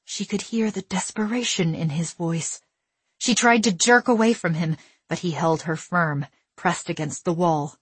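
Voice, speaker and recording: Brief: female audiobook narrator, husky, mid-pitched, dry close recording, steady dramatic read. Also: no room sound. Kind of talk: scripted narration.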